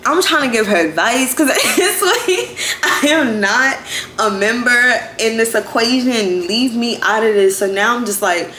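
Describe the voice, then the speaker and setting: A woman in her twenties telling a story in a chatty, animated way, with lots of "like". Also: a little high, measured pace, roomy sound, a little hiss or hum. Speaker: vlogger. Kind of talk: casual storytime.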